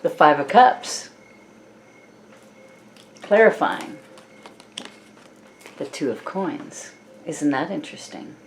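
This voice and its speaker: Soft-spoken woman giving a gentle tarot reading. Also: deep voice, a little hiss or hum. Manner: soft, affectionate, addresses listeners as "my loves"; slow, drawn-out phrasing with gentle laughs. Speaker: tarot card reader.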